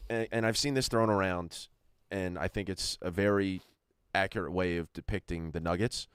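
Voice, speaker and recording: A man's voice: deep voice, steady tone, normal speed, smooth, no echo, studio quality. A man co-hosting a sports podcast, laying out an argument point by point in casual chat. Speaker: podcast co-host.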